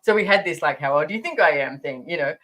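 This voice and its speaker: A woman in her fifties chats as a podcast guest, speaking frankly and without filters. Her voice sits a little low for a woman. She swears casually and often restarts mid-thought, as in loose conversation. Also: lively intonation, fast, fairly bright tone. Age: 50s.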